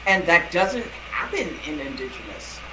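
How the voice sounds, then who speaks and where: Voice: medium pitch, big pitch swings, moderate pace, echoey room, background noise. A guest in a casual conversation, speaking thoughtfully and searching for words over a remote call.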